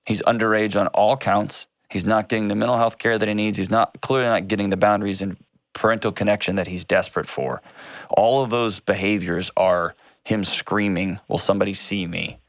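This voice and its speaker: A man hosting a call-in advice show, talking directly and earnestly, quick to correct himself. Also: fairly low pitch, steady tone, dry recording, clean studio sound.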